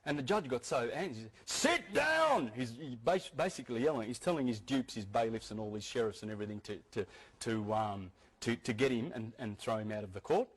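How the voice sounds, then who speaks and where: A fast-talking man with a husky, mid-range voice speaks earnestly to an audience in a lecture-style talk. He often restarts his sentences and repeats his key phrases.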